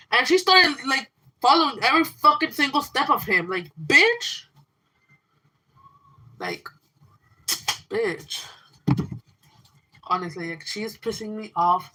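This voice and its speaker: A woman's voice: fairly high pitch, sharp tone, rough recording. A teenage girl ranting angrily on a livestream, swearing a lot and retelling a fight with a friend. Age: teens. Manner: angry, profane, fast ranting storytelling. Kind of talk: livestream rant.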